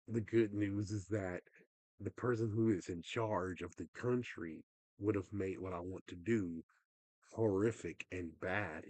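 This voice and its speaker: A man's voice: sits low, darkish tone, husky, dry recording. A young man livestreaming, talking in a rambling, frustrated way that often trails off. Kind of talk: casual livestream rant.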